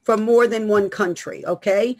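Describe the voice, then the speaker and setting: A woman's voice: mid-range voice, moderate pace, darkish tone. A woman from the Bronx with a New York accent, a guest in a conversational interview, speaking emphatically and reading prophecies in a solemn cadence.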